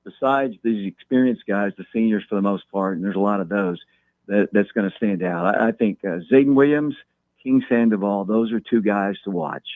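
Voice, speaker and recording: A man calling in as a guest, talking football in a measured way and repeating words as he thinks. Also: on the low side, no echo. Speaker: guest talking local high school football. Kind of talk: phone-in interview. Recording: tinny phone line.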